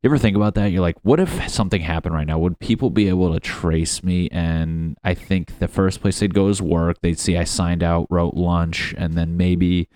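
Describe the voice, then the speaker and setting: A man's voice: deep voice, steady tone, moderate pace, few pauses, a little mellow, no room sound, studio quality. A young man hosting a casual solo podcast, rambling and self-mocking with plenty of swearing. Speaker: podcast host.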